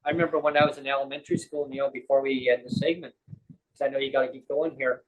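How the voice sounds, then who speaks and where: A man's voice: mid-range voice, little pitch movement, fast talker, rough recording. A man hosting a show, chatting casually and jokingly, rambling with many fillers and restarts. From Canada. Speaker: podcast host. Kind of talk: casual chat.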